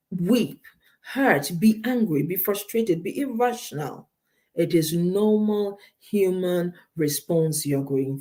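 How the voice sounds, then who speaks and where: A woman's voice: on the low side, mellow. A woman counselor giving emphatic, direct advice to listeners on a radio show, often repeating her key points.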